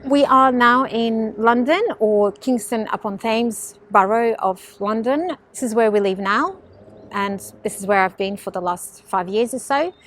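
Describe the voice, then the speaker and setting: A woman coach talks straight to camera in a slightly high voice, candid and animated, now and then swearing. Her subtle Russian accent carries a touch of Australian. She sounds relaxed and personal, as if chatting at home. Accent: Russian with Australian influence. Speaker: life coach. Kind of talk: casual talk to camera. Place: home in London.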